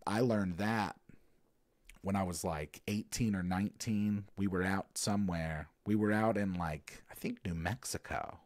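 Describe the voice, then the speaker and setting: A man's voice: low-pitched, measured pace, dry recording. A man in his thirties from the American South, hosting a casual show and rambling through listener questions with lots of fillers and restarts. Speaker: podcast host answering listener questions. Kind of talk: casual chat.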